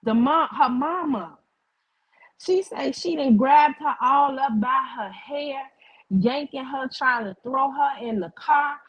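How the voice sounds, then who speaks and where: A woman streamer tells her viewers a heated, profane story in casual chat, animatedly retelling it and quoting other people's voices. Her voice is high and slow, and the recording sounds dry and dull.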